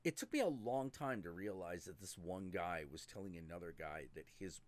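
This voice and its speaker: A man's voice: deep voice, normal speed, hardly any pauses, slight background noise. A man hosting a live stream, chatting casually, swearing freely and slipping into mock voices. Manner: animated, profane, does mock voices. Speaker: host.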